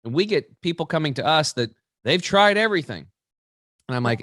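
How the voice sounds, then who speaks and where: A man's voice: fairly high pitch, a little fast, no room sound, studio quality. A man, an interview guest, explaining with energy, acting out quoted people and often restarting his sentences. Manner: animated storyteller, acts out quoted voices, many restarts.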